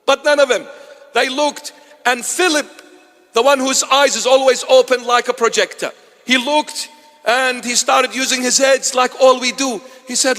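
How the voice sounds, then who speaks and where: A man, a bishop and native Assyrian speaker, preaching a sermon in a church, animated, with teasing asides to his congregation. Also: extremely high pitch, moderate pace, in a large hall.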